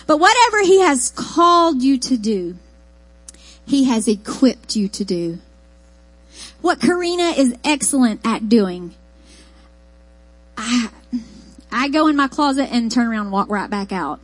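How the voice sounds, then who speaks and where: High-voiced East Texas woman preaching. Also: unhurried, long pauses, dry recording, rough recording. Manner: folksy, animated storytelling with repeated phrases. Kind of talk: sermon.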